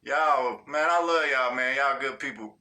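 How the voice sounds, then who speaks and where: A man's voice: mid-range voice, a little slow, sharp tone. A man hosting a livestream, reading out viewer comments in a laid-back, slangy, profane way and cracking up often. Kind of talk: casual livestream chat.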